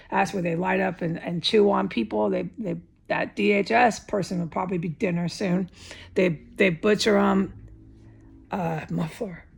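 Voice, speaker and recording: A woman's voice: on the low side, creaky, slightly rough. A woman talking in a rambling, profane vlog monologue, often restarting her sentences.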